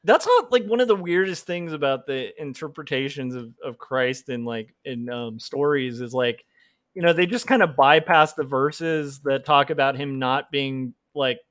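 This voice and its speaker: A man's voice: mid-range voice, moderate pace, a bit bright, no room sound, clean studio sound. A man hosting a casual livestream chat, talking loosely with lots of fillers and laughing often. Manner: laid-back, many fillers, laughs often. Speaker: comic artist livestream host.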